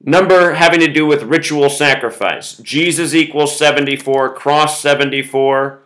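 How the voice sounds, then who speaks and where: A man's voice: on the high side, fairly even intonation, normal speed, a bit bright, low-quality recording. A man hosting a solo video monologue, talking in an insistent way as he explains number patterns. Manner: insistent, explains with numbers, quotes song lyrics. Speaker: conspiracy video host.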